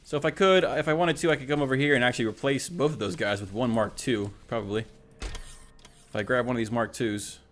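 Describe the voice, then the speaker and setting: A man's voice: mid-range voice, fairly even intonation, a little fast, a bit bright. A man casually narrating his own gameplay, thinking aloud, correcting himself and chatting to the units on screen. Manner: thinks aloud, self-correcting, talks to the robots. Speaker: let's play host.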